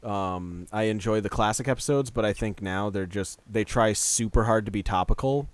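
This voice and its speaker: A man's voice: fairly low pitch, normal speed, dry recording. A man streaming a game who chats casually and argues his opinions with animation, laughing easily on a headset mic. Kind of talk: casual gaming chat.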